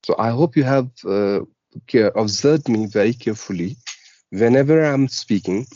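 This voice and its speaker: A man with an Indian accent, talking about learning English with deliberate, careful pronunciation. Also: medium pitch, dark tone, dull audio. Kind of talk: casual conversation practice.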